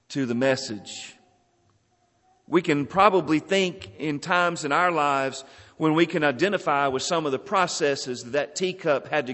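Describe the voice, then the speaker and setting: A man preaching a sermon, telling a parable in an earnest, expressive way. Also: a little high. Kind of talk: sermon storytelling. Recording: long hall reverb.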